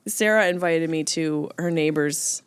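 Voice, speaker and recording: A woman's voice: low voice, slow pace, clean tone, dry recording. A woman podcast host from upstate New York with an upstate New York accent, chatting playfully, teasing and laughing often. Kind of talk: casual interview chat.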